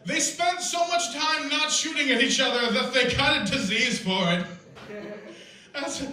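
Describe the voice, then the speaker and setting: High, bright-voiced stand-up comic man. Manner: rambling, absurd, excitable delivery. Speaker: stand-up comedian. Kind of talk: stand-up comedy set. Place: live comedy festival stage. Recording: echoey live venue, heard from a distance.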